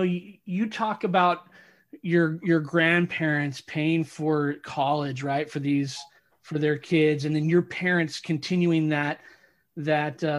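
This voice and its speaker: A man with a somewhat high voice co-hosts a casual interview podcast. He reflects aloud, often restarting his sentences as he works through his thoughts. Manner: reflective, halting, many restarts. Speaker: podcast co-host.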